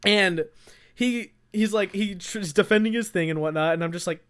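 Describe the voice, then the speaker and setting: A man's voice: sits high, steady tone, fast talker, fairly bright tone. A young man co-hosting a podcast in casual chat, rambling through stories, laughing often and acting out his friends' lines. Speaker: podcast co-host.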